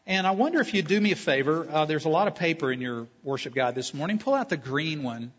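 A man preaching a sermon as a pastor at a church service. He talks emphatically, builds long spoken lists and slows down on key phrases. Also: a little high, lively intonation, a bit bright, husky, highs cut off.

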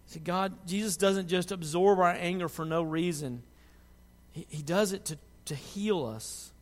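A man preaching a sermon, moving from quiet reflection to loud, impassioned pleading. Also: high-pitched, measured pace. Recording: long hall reverb.

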